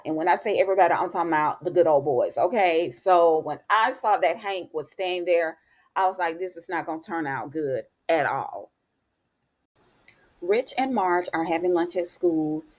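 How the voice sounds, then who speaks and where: A woman giving a chatty, animated episode recap in casual talk, dropping in words like honey and baby. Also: fairly low pitch. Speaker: TV recap vlogger.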